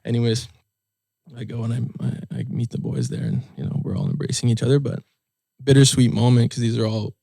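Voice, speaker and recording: A young man speaks softly and earnestly, his gravelly, husky voice rising and falling a lot as he tells a personal story. The sound is close and dry, with no room around it. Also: mid-range voice, sing-song, brisk, no echo. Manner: soft-spoken, heartfelt, many fillers. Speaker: guest musician. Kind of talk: candid interview storytelling.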